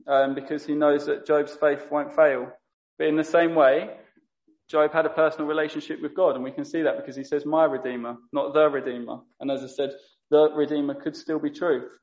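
Earnest flat-voiced man preaching. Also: fairly high pitch, brisk, dull audio. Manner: earnest, self-correcting. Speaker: lay preacher. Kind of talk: sermon.

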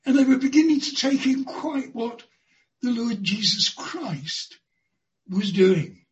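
Slow, deliberate preacher. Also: mid-range voice, lively intonation, muffled recording. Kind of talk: sermon.

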